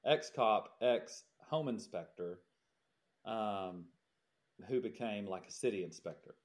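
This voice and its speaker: A man's voice: on the low side, takes it slowly, a little mellow. A man co-hosting a podcast, telling a jobsite story in casual chat and laughing as he goes. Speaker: podcast co-host, builder.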